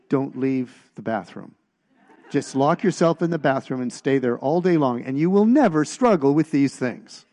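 A man delivers a sermon in a relaxed, conversational way, his mid-range voice gravelly with fry. He leans on emphasis and keeps asking his listeners questions.

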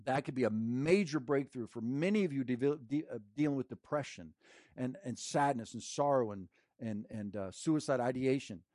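A male pastor preaching a sermon in an emphatic, conversational way, swinging from loud bursts to hushed moments. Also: medium pitch, normal speed, no room sound, studio quality. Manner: conversational, slangy, with restarts.

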